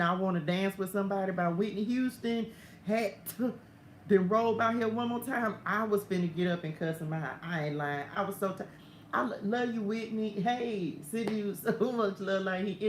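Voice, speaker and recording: Chatty woman in an echoey room. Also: mid-range voice. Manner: chatty, laughing, digressive, talks straight to viewers. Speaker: faith coach hosting a morning message. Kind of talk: casual devotional chat with prayer. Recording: echoey room with faint ambient noise.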